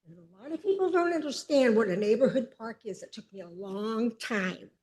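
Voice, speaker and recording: A woman in her seventies speaking at a city council meeting, emphatic and upset, pausing as she tries to hold herself together. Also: a little high, animated, a little mellow. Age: 70s. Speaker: public commenter. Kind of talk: public comment at a council meeting.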